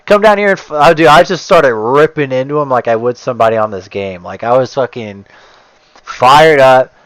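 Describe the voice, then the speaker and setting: A man's voice: mid-range voice, normal speed, a bit bright, no echo, low-quality recording. A man casually telling a long story while gaming, rambling and swearing heavily, and getting heated. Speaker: gamer streamer.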